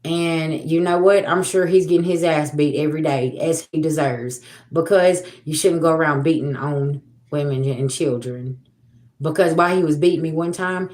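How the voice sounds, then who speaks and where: Low-voiced woman in her 40s on a livestream, blunt, cusses a lot, talks right to the chat. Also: darkish tone. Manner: emphatic and blunt, swears freely; addresses viewers directly. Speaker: psychic livestreamer. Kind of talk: casual livestream talk.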